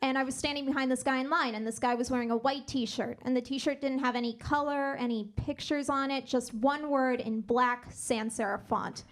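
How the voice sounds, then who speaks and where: A woman performing a stand-up set on a comedy club stage, delivering dry one-liners and pausing for laughs. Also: sits high, steady tone.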